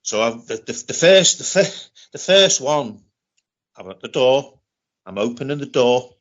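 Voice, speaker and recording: Man, British accent, middle-aged, interview guest, halting, repeats himself, mid-pitched voice. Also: lively intonation. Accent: British English. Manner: halting, repeats words and restarts often. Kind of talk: telling a personal story in conversation. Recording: dull lo-fi recording.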